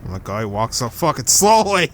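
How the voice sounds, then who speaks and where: A man's voice: mid-range voice, very animated, fairly quick, slight background noise. A man giving casual let's-play commentary, chatty and swearing when annoyed. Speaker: gamer. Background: game music.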